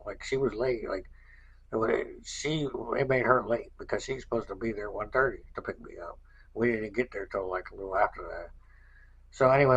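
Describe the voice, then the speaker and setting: A man's voice: on the low side, vocal fry, fairly bright tone, husky, muffled recording. A man hosting a podcast, telling a rambling, aggrieved story in casual chat, repeating himself as he goes. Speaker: podcast host.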